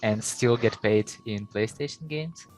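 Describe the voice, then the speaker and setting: A podcast host from Ukraine asks his guest short, curious questions. His voice sits at an average pitch for a man. Faint music plays behind him. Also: measured pace, rough recording. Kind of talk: interview questions.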